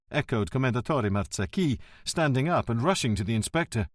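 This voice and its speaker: A man narrating an audiobook mystery in an expressive, wry storytelling manner, close to the mic. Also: mid-range voice, brisk, dry recording. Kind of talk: scripted narration.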